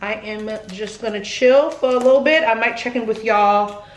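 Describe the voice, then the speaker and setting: A woman's voice: a little high, moderate pace, very noisy. A pregnant woman in her thirties, talking candidly to viewers in a slangy, chatty vlog, filmed on a handheld camera in her car and at home. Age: 30s. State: heavily pregnant. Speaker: vlogger.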